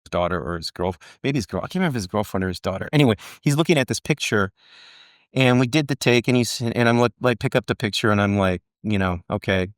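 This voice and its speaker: A man's voice: fairly low pitch, fast talker, no room sound, clean studio sound. A middle-aged man, an actor, telling stories from his career in a casual interview and acting out the people he quotes. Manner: animated storyteller, acts out quotes. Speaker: actor guest.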